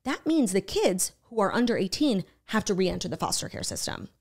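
A young adult woman co-hosting a podcast, retelling a story in casual chat, animated and swearing freely, with many "like"s. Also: medium pitch, brisk. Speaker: podcast co-host.

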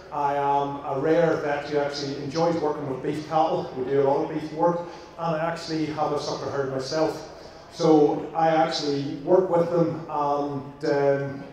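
A man's voice: fairly high pitch, darkish tone. Northern Irish man in an echoey hall. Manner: jokey, talks with the audience, frequent fillers. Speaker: vet giving a talk. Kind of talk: presentation to an audience. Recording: echoey room, distant mic.

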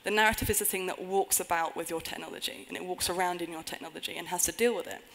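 A woman's voice: fairly low pitch, steady tone, fast talker, gravelly, a bit bright, poor audio. A woman giving a conference talk on a stage before an audience, earnest with wry humorous asides. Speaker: conference speaker.

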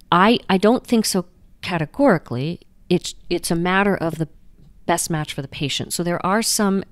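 A woman doctor explaining things in a smooth, low voice, lively and chatty, full of small restarts and "you know"s. The sound is dry and close. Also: no room sound. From United States. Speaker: guest doctor. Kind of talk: conversational interview answers.

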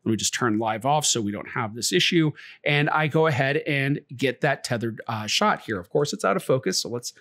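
A man hosting a photography channel, talking through a software tutorial in a relaxed, conversational way with frequent filler words. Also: medium pitch, brisk, dry recording, clean studio sound. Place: home desk. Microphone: desktop mic, muffled at times while shooting.

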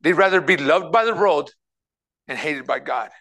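Bright-voiced man preaching a sermon. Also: a little high, lively intonation, normal speed, rough recording. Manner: preaching, reading scripture verse by verse with asides; swings between quiet and loud, emphatic passages. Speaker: pastor.

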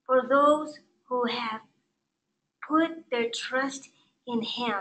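A woman preaching a Sunday sermon, starting soft and reflective and building to passionate, emphatic delivery. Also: a little high, drawn-out words, long pauses, low-quality recording. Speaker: pastor.

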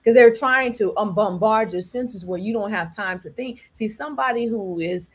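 A woman's voice: mid-range voice, moderate pace, husky. An emphatic woman speaking in a mid-range voice, holding forth like a preacher to her audience. She keeps checking in with her listeners and drives each point home by repeating it. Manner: preachy, repeats "all right" and "do you understand me", acts out quotes. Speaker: host. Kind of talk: emphatic commentary monologue.

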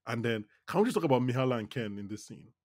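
A man co-hosting a podcast in a casual TV recap chat, animated, laughing often and restarting his sentences. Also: medium pitch, fast, a crowd in the background. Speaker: podcast co-host.

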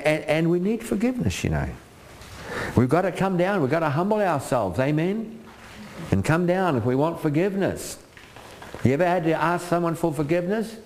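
An older man preaching with real emphasis, his voice climbing high as he acts out pleading lines and dropping low and earnest for his own points. He keeps checking in with the congregation between thoughts. A faint noise sits under the recording. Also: a little mellow. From Australia. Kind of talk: sermon.

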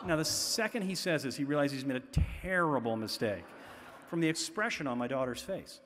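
At a big festival venue, a middle-aged Boston-area man, an author, shares chatty stories sprinkled with "you know." He sounds animated and fairly quick, medium-pitched and fairly bright, with long hall reverb and a little hiss or hum.

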